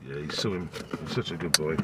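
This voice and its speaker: Over very noisy audio, a very deep male voice speaks at normal speed. It's a Welshman doing a laid-back phone live stream, wandering through the news and stopping now and then to chat with his dog.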